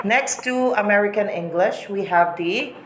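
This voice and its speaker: Woman, teacher, repeats words slowly, echoey room, faint background noise. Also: mid-range voice. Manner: slow, repeats example words to model pronunciation. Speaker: English teacher. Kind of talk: recorded lesson on English accents.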